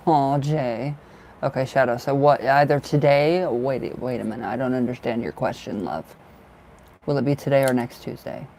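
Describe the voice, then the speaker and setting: Tired man, mid pitch, loose chatty delivery with frequent laughs, faint room hum. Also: moderate pace, vocal fry, a little mellow. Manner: chatty, laughing often, trailing off. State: tired and drowsy. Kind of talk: casual chat with viewers.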